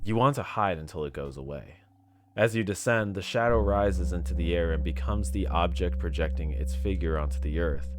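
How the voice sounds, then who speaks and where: Lower-voiced man reading game text. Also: moderate pace, background noise. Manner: reads narration, breaks into laughs and jokes. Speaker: gamer playing a text game.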